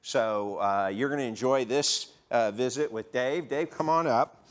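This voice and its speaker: A man's voice: medium pitch, measured pace. Brief: male on-stage host, casual conversational delivery, lots of "uh", stage mic. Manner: conversational, with frequent "uh" fillers. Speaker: health system CEO hosting a patient interview. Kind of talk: on-stage interview before a live audience. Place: conference stage. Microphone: stage microphone.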